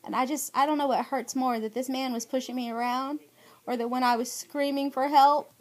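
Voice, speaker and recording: A middle-aged woman with a drawl and a high voice records an aggrieved personal statement for her viewers. Her delivery is emphatic and pleading. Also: steady tone, brisk, a little mellow. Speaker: vlogger.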